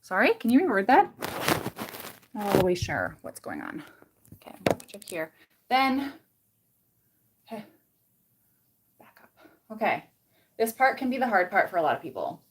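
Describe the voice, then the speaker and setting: A woman's voice: lowish voice, wildly swooping pitch, normal speed, long pauses, slight background noise. A young woman with a Canadian accent chatting casually on a livestream while curling her hair, reading out comments and rambling between steps. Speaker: beauty vlogger.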